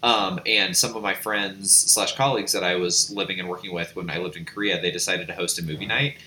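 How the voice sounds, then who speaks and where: A man co-hosting a podcast in casual chat, joking and quick to laugh. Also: low voice, steady tone, sharp tone, echoey room, a little hiss or hum. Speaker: podcast co-host.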